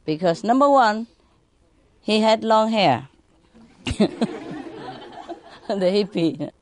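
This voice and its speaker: Slow, playful woman telling jokes. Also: mid-range voice, lively intonation, slight background noise. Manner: playful, laughs between lines, teases listeners with questions. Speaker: spiritual teacher. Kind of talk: telling jokes to a live audience.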